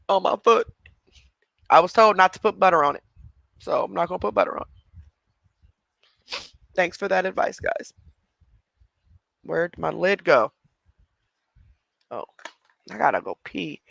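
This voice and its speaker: A man's voice: high-pitched, creaky, fairly bright tone, dry recording. A man hosting a livestream, chatting casually with viewers and laughing often. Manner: chatty, laughing, responding to chat. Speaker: livestream host.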